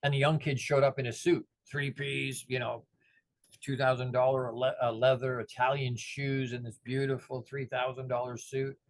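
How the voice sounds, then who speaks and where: Middle-aged male motivational speaker, mid-range voice, lively storytelling that slips into character voices, close and dry sound. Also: medium pitch, normal speed, no echo. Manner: animated, acts out the voices of people in his stories.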